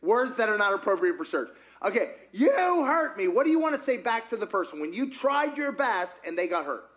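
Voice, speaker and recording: A pastor delivers a sermon in a fairly high voice for a man. He talks in a loose, animated way, stopping often to put questions to the congregation. He is speaking in a church. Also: a little fast. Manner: asks the congregation frequent questions; conversational and animated. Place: church sanctuary.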